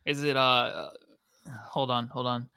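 A man's voice: medium pitch, level tone, slow pace, creaky, bright, forceful tone, clean tone, no room sound, clean studio sound. A man co-hosting a casual sports podcast, laid-back, with frequent fillers and easy agreement. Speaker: podcast co-host.

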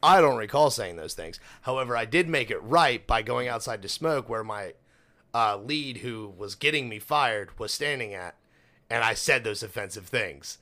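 A man's voice: mid-range voice, expressive, normal speed, bright, forceful tone. Foul-mouthed man telling a story. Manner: profane storytelling, blunt. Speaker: podcast co-host. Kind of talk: casual profane chat.

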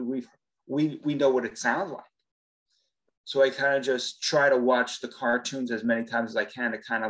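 A man's voice: medium pitch, fairly bright tone, low-quality recording. A man, a voice actor, chatting casually as a podcast guest, talking with many fillers and restarts. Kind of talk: casual interview chat.

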